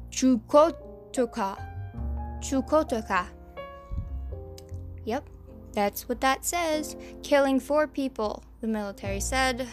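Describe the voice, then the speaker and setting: A woman with a Southern American accent reads news stories, stumbling over names and adding sarcastic asides. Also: a little high. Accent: American Southern, slipping in. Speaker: podcast host reading news. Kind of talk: casual news commentary.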